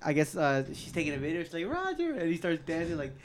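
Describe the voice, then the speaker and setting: A man's voice: a little high, steady tone, fast, slight background noise. A young man telling a rambling story on a casual podcast, often laughing. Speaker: podcast co-host. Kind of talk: casual storytelling among friends.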